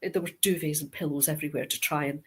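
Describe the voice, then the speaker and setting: A middle-aged Scottish woman, a guest author in an interview, telling stories with lively acted-out quoted dialogue. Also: deep voice, fast talker, slightly rough. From Scotland. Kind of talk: interview anecdote.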